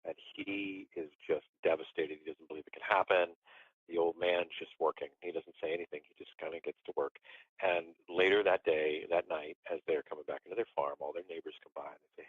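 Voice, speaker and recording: A man's voice: low-pitched, brisk, husky, no room sound. A man telling a story as a podcast guest in a casual, rambling way, often restarting his phrases. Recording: tinny phone-line sound.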